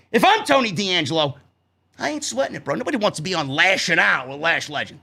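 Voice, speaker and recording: A man with a New York accent reviewing a wrestling show in a loud, sarcastic, profane rant that breaks into shouts. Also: high voice, sing-song, fast, vocal fry, slightly rough. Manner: loud, sarcastic, swears a lot, shouts often.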